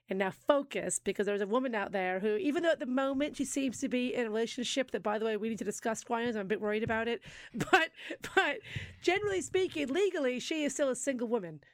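A woman's voice: a little high, a little fast, no room sound, studio quality. A woman co-hosting a podcast in casual chat, enthusiastic and emphatic, often chiming in to agree. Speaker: podcast co-host.

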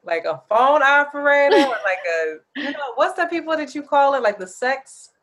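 A woman co-hosting a podcast over a video call, bantering loudly, laughing and swearing freely. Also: high-pitched, lively intonation, moderate pace. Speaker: podcast co-host. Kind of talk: casual chat.

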